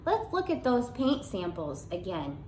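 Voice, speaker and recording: A woman voicing a calm, practical mother who speaks in a soothing, measured way in a storybook reading. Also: mid-range voice, reverberant, slight background noise, low-quality recording.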